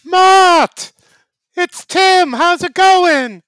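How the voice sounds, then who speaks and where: Man doing a gushing, high-voiced rambler. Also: extremely slow, a bit bright, no echo, exaggerated voice. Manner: breathless gushing, drifting from topic to topic. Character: excitable rambling man, gushing, easily sidetracked. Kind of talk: improvised comedy bit.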